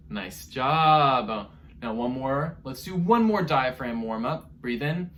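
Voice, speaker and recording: Male children's music teacher, unhurried and animated, recorded a little off-mic. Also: medium pitch, recorded from a distance. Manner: encouraging, leads vocal warm-ups and owl sounds. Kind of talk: online music lesson for children.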